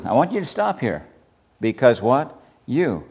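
A man's voice: medium pitch, wildly swooping pitch, a little slow, creaky, pauses often, darkish tone, slightly rough. Man preaching a Bible study, reads verses aloud, asks questions of listeners.

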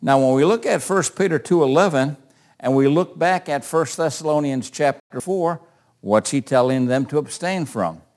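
A man's voice: fairly high pitch, normal speed, darkish tone. An older man teaching a Bible class in a conversational way, asking questions and calling on readers.

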